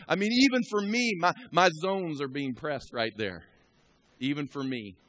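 A man preaching a storytelling sermon who swings from a hushed murmur to shouting and exhorts the congregation directly. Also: a little high, unhurried.

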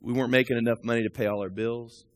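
A man in his sixties preaching a sermon, talking through scripture and personal stories and building to loud, rising peaks. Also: mid-range voice, fairly even intonation, rapid-fire, noisy background. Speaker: pastor.

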